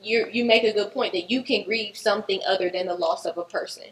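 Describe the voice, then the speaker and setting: A woman talking earnestly in a group discussion, reflective and slowing on the points that matter to her. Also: medium pitch, poor audio.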